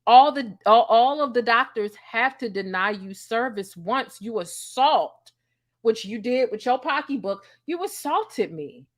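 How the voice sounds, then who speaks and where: A woman's voice: fairly high pitch, a little slow. Sassy storytelling woman in her thirties. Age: 30s. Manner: animated, sassy and profane, acting out dialogue. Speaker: host. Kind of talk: casual storytelling.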